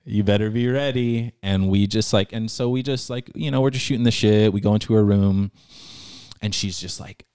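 A man's voice: on the low side, steady tone, moderate pace, darkish tone, smooth, no room sound, studio quality. A young man telling a personal story in casual chat, loose and slangy, full of fillers and restarts, earnest and emotional.

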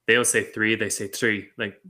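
A man co-hosting a casual movie discussion, playful and quick to laugh. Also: fairly low pitch, little pitch movement, pushed and bright. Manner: playful, laughing, tries out accents.

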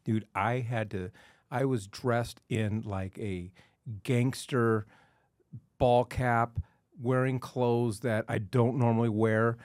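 A man hosting a real estate podcast, telling a story in an animated, emphatic way. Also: mid-range voice, takes it slowly, dry recording, studio quality. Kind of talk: casual chat.

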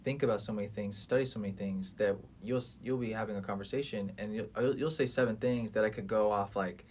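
A man's voice: on the low side, fast, a little mellow, slight background noise. A man in his twenties talking earnestly and at length in a casual podcast conversation, rambling and swearing freely.

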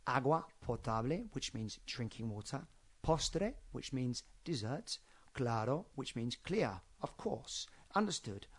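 A man's voice: medium pitch, animated, slow pace, slightly rough. A man hosting a podcast, giving a casual spoken lesson in a chatty, rambling way with lots of fillers. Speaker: podcast host.

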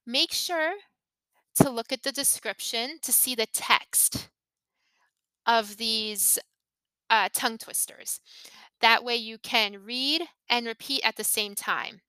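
A woman hosting an English podcast, slowly modeling tongue twisters and intonation for learners to repeat. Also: a little high, pushed and bright, clear, resonant tone, no echo. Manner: careful, deliberate modeling of intonation. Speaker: English teacher and podcast host. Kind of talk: slow, clear pronunciation lesson.

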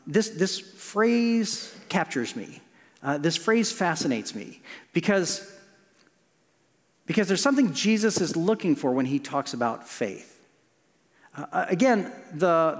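A man preaching a sermon as pastor, telling stories with restarts and moving between lively and hushed passages. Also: on the high side. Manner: storytelling with frequent restarts, swinging between animated and hushed. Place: church sanctuary. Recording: long church reverb.

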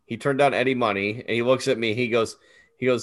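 A man's voice: lowish voice, steady tone, quick pace. Joking man trading crude one-liners. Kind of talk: casual chat.

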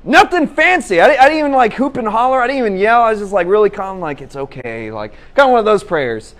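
A man's voice: very high voice, fast. A young man preaching a conversational sermon, telling a personal story with lots of laughter and restarts. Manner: animated, laughs at his own story, many restarts.

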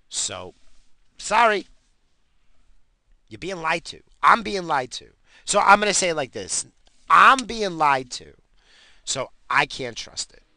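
A man's voice: mid-range voice, pushed and bright, dry recording. A man, calling himself a stoner, ranting about conspiracies in heated, profane talk that keeps repeating itself. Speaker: self-described stoner.

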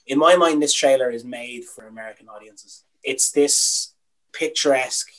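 A man's voice: mid-range voice, moderate pace, a bit bright, low-quality recording. A young Irish man co-hosting a casual podcast, opinionated and ranting, with some swearing. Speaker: podcast co-host.

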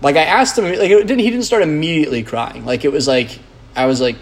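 A man's voice: a little high, brisk. A man, a podcast host, rambling in a casual monologue, blunt and profane, full of "like" and restarts.

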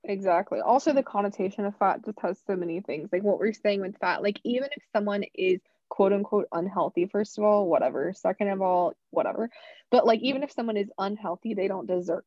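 A woman's voice: mid-range voice, fairly quick, darkish tone, dry recording. A woman co-hosting a podcast, chatting casually with sarcastic asides and many "like" fillers. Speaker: podcast co-host. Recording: dull, dry lo-fi sound.

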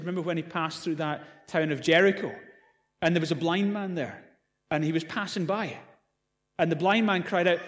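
A man's voice: high voice, normal speed, fairly bright tone, long reverb tail. A man, a pastor, preaching a sermon in a conversational way with playful asides.

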